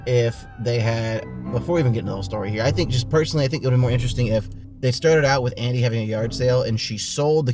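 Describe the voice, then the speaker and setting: A man hosting a podcast, recapping a book in a casual, sarcastic, profane way. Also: medium pitch. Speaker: podcast host.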